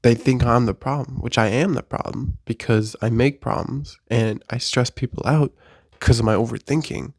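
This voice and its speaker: A young man talks straight to the camera from his bedroom, rambling and poking fun at himself, then building into a string of rhetorical questions. His voice is gravelly, with a middling pitch. The sound is close and dry. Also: normal speed, no echo. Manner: rambling and self-deprecating, with restarts and fillers; rising to animated rhetorical questions. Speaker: vlogger. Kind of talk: casual confessional monologue to camera.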